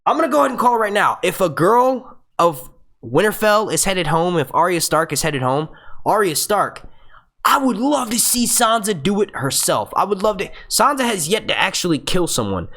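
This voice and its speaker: Young guy on a livestream, kinda high voice, swears a lot, stumbles over his words, hypes the chat. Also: big pitch swings, a bit bright. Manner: profane, hyped, urges viewers to like; halting, stutters and restarts. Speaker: livestream host. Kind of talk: casual live-stream chat.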